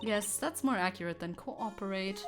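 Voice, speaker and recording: Female prosecutor, cold, composed, measured, voiced by a woman, soft music underneath. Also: medium pitch, voice pushed down, close to an everyday voice. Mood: guarded.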